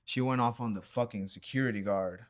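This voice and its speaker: A young man co-hosting a reaction channel tells a story in a relaxed, meandering way, packed with slang and filler words. His voice is fairly low and a little quick. The recording is dry, with a clean studio sound.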